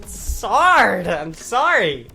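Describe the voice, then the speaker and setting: A young woman gaming with a friend, her voice bright and lively in pitch. She talks slowly and groans in exasperation at the game, with faint music behind. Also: vocal fry. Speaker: let's play co-host. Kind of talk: casual gaming chat.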